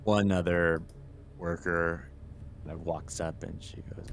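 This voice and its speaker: A man with a very deep voice narrates a tabletop game as its game master. He talks in a relaxed, halting way, full of fillers. A clear hiss runs under the home recording.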